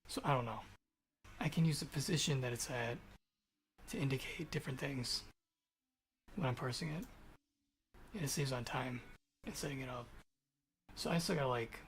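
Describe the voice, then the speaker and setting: A man's voice: mid-range voice, moderate pace, pauses often, slight background noise. A man thinking aloud while streaming himself programming, rambling and swearing casually. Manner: rambling, profane, muttering to himself. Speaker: programmer livestreamer.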